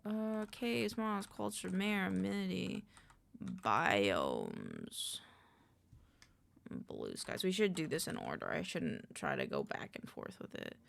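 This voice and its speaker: A woman's voice: lowish voice, sing-song, slow pace, vocal fry. A woman streamer in casual live-stream chat at a desk microphone, rambling, muttering lists to herself and greeting her chat.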